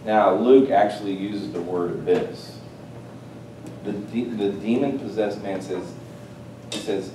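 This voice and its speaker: A man preaching a sermon, swinging between loud, excited exclamations and hushed, quiet asides. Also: slow, long pauses. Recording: roomy, distant mic with faint rumble.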